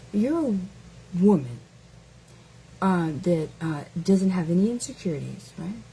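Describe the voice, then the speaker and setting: A woman's voice: fairly low pitch, dark tone, slight background noise, poor audio. A woman hosting a casual live stream who mocks her target with taunting rhetorical questions, stretching out words as she goes.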